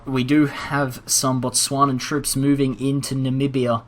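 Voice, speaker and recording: A young man commentating a strategy game timeline in a measured, dry and lightly wry way. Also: medium pitch, a bit bright, a little hiss or hum.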